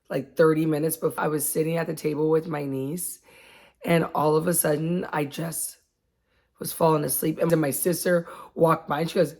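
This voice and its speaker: Low-voiced, chatty woman in her thirties. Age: 30s. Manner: chatty, laughs often, acts out quotes. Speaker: vlogger. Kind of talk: casual chat.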